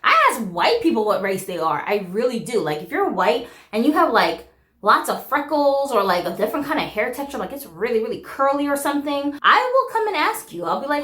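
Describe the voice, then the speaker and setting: Frank woman in her forties, casual vlogger, high voice with roomy echo. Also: a little fast. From America. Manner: animated, frank, swears freely, laughs often. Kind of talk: casual talk to camera.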